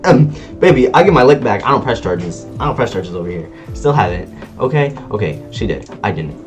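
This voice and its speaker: A man telling a personal story in a casual vlog, animated and slangy, acting out sounds as he goes. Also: lowish voice, brisk, faint music behind. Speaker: vlogger.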